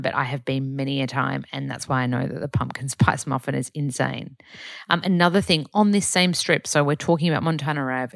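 Young Australian woman, podcast host. Low voice with vocal fry, dry close sound, upbeat rambling delivery. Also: no echo. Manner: chatty, upbeat, rambling with many fillers. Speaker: podcast host and yoga teacher. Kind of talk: casual diary chat.

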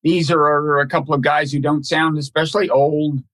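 A man hosting a podcast conversation, talking in a halting, thoughtful way with many restarts and repeated words. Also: on the high side, level tone, a bit bright. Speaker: podcast host. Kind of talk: casual conversational interview.

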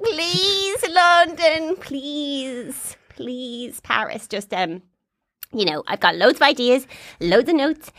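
A woman's voice: on the high side, fairly bright tone, no echo, clean studio sound. A woman doing a timid, wavering little sister. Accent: Irish. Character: meek younger sister, timid and eager. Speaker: guest on comedy podcast. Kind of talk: improvised comedy interview.

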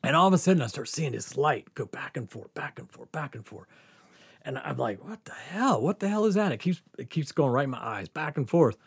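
A man's voice: mid-range voice, brisk, vocal fry, slightly rough. A man hosting a podcast, telling a wild story in a casual, laughing, swearing way. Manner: swearing, laughing often, animated. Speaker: podcast host.

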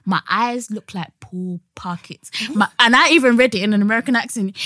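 A woman's voice: on the high side, a little fast, hardly any pauses, no room sound, clean studio sound. A young woman co-hosting a podcast, telling stories in casual chat full of slang. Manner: animated storytelling with slang and laughter. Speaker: podcast co-host.

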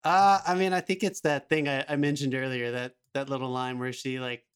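A man's voice: medium pitch, little pitch movement, fairly quick, smooth. A man co-hosting a podcast, talking about a film enthusiastically and rambling a little. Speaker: podcast co-host. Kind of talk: casual film chat.

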